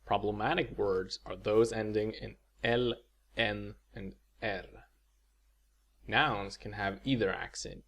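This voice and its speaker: A man explains a language point in a video lecture at a slow, deliberate pace. His voice sits low and has a gravelly, husky grain. He speaks in measured lines and pauses on example words. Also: steady tone, fairly bright tone. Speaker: language teacher.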